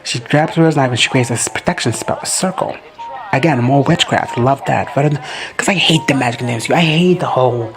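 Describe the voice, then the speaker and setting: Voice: medium pitch, a little fast. A host giving a casual, profane reaction recap, gushing and quoting characters in playful asides.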